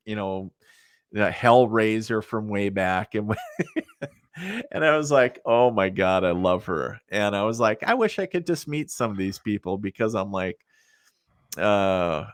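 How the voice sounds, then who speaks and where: His voice is fairly low and smooth: a middle-aged psychic medium appearing as a podcast guest. He rambles through stories with many fillers, laughing at his own stories as he goes. Clean studio sound, no echo.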